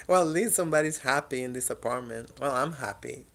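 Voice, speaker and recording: A woman's voice: a bass voice, animated, moderate pace. A woman chatting casually at home in her apartment, coaxing and teasing her cats in front of a camera. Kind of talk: casual chat to pets at home. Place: apartment indoors. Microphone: camera in the room.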